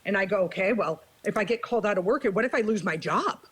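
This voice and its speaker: A woman's voice: mid-range voice, lively intonation, fast, fairly bright tone, slightly rough, poor audio. This is a woman speaking as a guest on a recovery podcast. She tells a personal story with candor and emotion. She keeps reaching out to her listeners with "right?" and "you guys".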